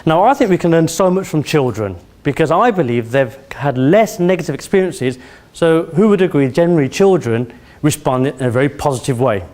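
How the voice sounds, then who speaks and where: A man's voice: fairly high pitch, animated, a little fast, darkish tone. A man in his forties from Birmingham, with a Birmingham accent, giving a motivational speech to an audience and drawing them in with questions and anecdotes. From Birmingham, England. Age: 40s. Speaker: competition speaker. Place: event hall before an audience.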